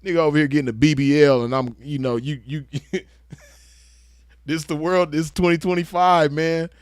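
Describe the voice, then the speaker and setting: A man's voice: a little high, steady tone, moderate pace, dry recording, studio quality. A man giving a casual commentary rant, crude, emphatic and lecturing. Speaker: online commentator.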